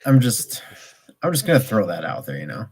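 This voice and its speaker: A man co-hosting a podcast in casual chat, easygoing and quick to laugh. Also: lowish voice, very animated, creaky, darkish tone, slightly rough. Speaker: podcast co-host.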